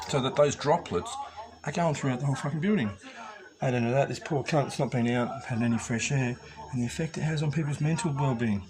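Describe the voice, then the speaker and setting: A man's voice: medium pitch, moderate pace, over music. An Australian man giving a rambling, profane rant to his viewers, full of swearing and conspiratorial asides. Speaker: vlogger addressing preppers.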